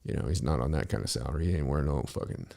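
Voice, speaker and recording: A man with a very low, gravelly voice tells a winding story in casual talk. His tone is dark and mellow, and he wanders off topic and swears freely as he goes. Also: very fast. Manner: rambling, profane, easily sidetracked.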